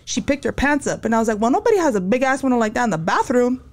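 A woman's voice: fairly high pitch, big pitch swings, very fast. A young adult woman telling her life story as a podcast guest, candid and slangy, acting out quotes. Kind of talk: casual storytelling interview.

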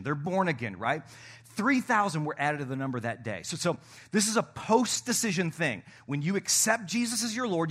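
A male pastor preaching to his congregation in an energetic, playful, coaxing manner. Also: fairly high pitch, slightly rough. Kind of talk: sermon. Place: church stage.

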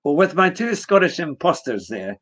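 A man's voice: fairly high pitch, very animated, normal speed, fairly bright tone. A man hosting a casual motorsport podcast, upbeat and jokey as he chats with his co-hosts. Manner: upbeat, jokey, greeting the audience. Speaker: podcast host.

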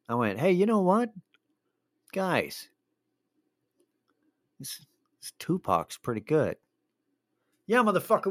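A man's voice: on the low side, dry recording, clean studio sound. A man hosting his own show, telling rambling, profane stories in a wry, casual way with lots of fillers. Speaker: podcast host. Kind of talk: casual solo monologue.

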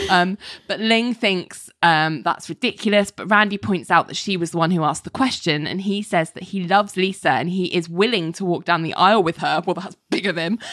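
A woman's voice: fairly low pitch, no echo, clean studio sound. A woman casually retelling TV episode scenes, quoting the characters and laughing often as she goes. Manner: animated storyteller, laughs often, mimics characters. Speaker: podcast host recapping a TV show.

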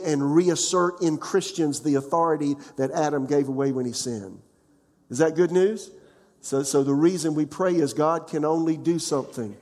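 A man's voice: on the high side, a little mellow, long reverb tail. A pastor in his sixties preaching a conversational sermon, often asking the congregation questions.

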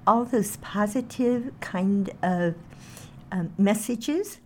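A woman's voice: mid-range voice, darkish tone, a little hiss or hum. A woman teaching a guided healing meditation, speaking in a soothing way and chanting short phrases over and over.

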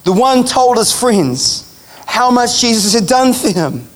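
A man's voice: extremely high pitch, big pitch swings, measured pace. A man preaching a sermon, telling a vision story in a casual, chatty way and laughing along.

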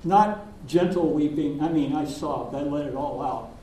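An older man preaching in a church, telling his story slowly and gently with pauses. His voice is mellow and a bit high for a man. It is picked up from a distance and rings through a reverberant sanctuary. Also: a little hiss or hum. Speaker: minister. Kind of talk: sermon.

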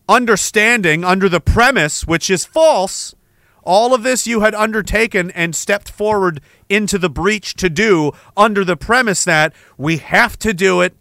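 Guy doing an angry sweary podcast rant, smooth clear voice, sarcastic. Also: high voice, bright, forceful tone, no echo, clean studio sound. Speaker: podcast host. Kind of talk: ranting monologue.

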